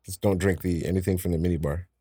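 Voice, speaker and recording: A man co-hosting a casual podcast, blunt and wisecracking, quick to laugh. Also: low voice, steady tone, mellow, husky. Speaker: podcast co-host.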